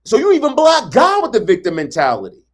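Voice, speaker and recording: A man's voice: extremely high pitch, huge pitch swings, fast. A man giving a motivational relationship talk, emphatic and colloquial, hammering points with repetition and acting out quotes. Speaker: relationship coach.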